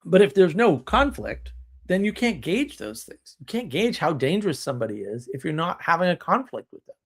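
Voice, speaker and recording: A man's voice: on the high side, sing-song, normal speed, slightly rough. A man hosting a live stream, talking in a casual monologue that rambles with restarts and chuckles, blunt and wry.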